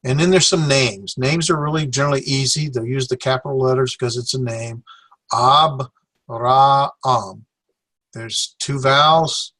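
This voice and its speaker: A man teaching a Greek class, sounding out syllables with many pauses and fillers. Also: mid-range voice, steady tone, a bit bright, no room sound. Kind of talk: recorded classroom lecture.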